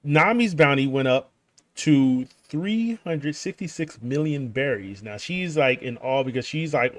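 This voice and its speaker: A man's voice: mid-range voice, expressive, a little slow, dry recording. A man casually recapping a manga chapter over game footage, rambling with lots of fillers, restarts and little chuckles. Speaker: gaming channel host recapping a manga chapter.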